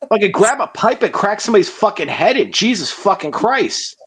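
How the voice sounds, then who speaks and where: A man's voice: high-pitched, very animated, moderate pace, fairly bright tone, husky. A man in a casual stream chat, blunt, crude and swearing constantly.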